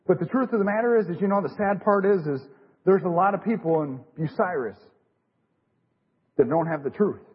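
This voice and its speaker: A man preaching a fervent sermon in a church, excitable and repetitive, forever saying "hey, listen" and "you know what". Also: sits high, fairly quick, husky. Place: church sanctuary. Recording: echoey hall, muffled lo-fi recording.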